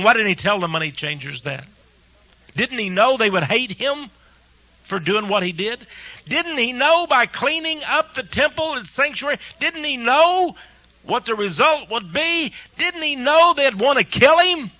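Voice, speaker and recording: A man preaching an impassioned sermon, firing rhetorical questions and dropping from loud peaks to hushed asides. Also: extremely high pitch, animated, moderate pace, no echo. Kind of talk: fiery sermon.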